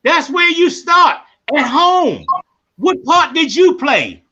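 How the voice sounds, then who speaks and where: A man hosting a live podcast, telling stories in an animated way that climbs into emphatic shouts. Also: very high voice, slow, highs cut off. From Baltimore. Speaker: podcast host. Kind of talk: live storytelling monologue.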